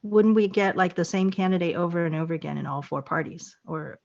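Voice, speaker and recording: A woman's voice: fairly low pitch, a little fast, gravelly, a little mellow. A woman hosting a podcast, asking a guest questions hesitantly, with many fillers and rephrasings. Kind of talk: podcast interview. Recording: dull lo-fi audio.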